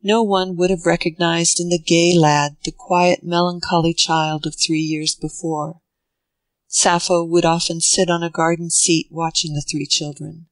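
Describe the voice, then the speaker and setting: A narrator reads a classic novel in a measured, even pace. The voice sits at a plain middle pitch, recorded dry and close with no room sound. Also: no room sound, low-quality recording. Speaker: audiobook narrator. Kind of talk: scripted narration.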